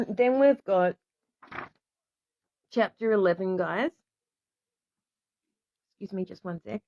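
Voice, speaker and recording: A woman's voice: mid-range voice, animated, slow, pauses often, no echo. An Australian woman hosting a casual stream, reading aloud to viewers and often stopping to apologize and restart. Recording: dry, slightly dull lo-fi sound.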